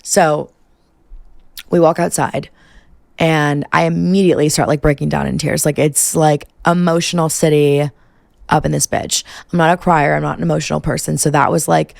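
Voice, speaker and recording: A young woman in her twenties with a heavily gravelly, fry-laden voice tells a night-out story into a close, dry mic. She fills almost every phrase with "like" and swears casually, with a loose, chatty podcast delivery. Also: low-pitched, little pitch movement, moderate pace, a little mellow, no room sound. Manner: profane, valley-girl filler "like". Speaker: podcast host.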